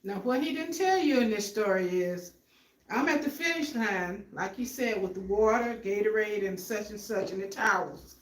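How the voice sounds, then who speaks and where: A middle-aged woman, the host's mother, telling her side of a story in a lively, teasing way. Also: medium pitch, normal speed, echoey room, far from the mic, poor audio. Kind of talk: casual chat.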